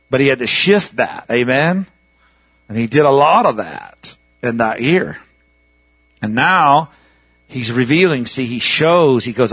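A man's voice: medium pitch, vocal fry, fairly bright tone, slightly rough, dry recording, low-quality recording. Conversational preacher man, dry close sound. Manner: conversational, repeatedly asking the congregation "Amen?". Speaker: pastor. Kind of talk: sermon.

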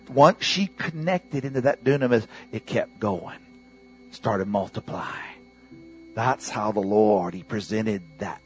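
A man preaching a sermon as pastor of a church, calling out to the congregation for responses and swinging between loud bursts and hushed asides. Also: on the low side.

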